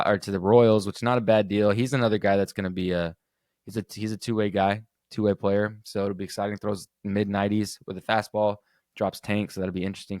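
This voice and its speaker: A man's voice: lowish voice, no room sound, studio quality. A young man hosting a casual solo sports podcast, rambling loosely with lots of fillers and restarts. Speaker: podcast host.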